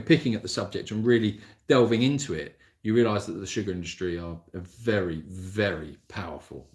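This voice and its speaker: A man hosting a casual livestream Q&A, rambling and self-deprecating as he answers viewer comments into his mobile phone. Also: on the low side. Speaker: animal sanctuary host answering viewer comments.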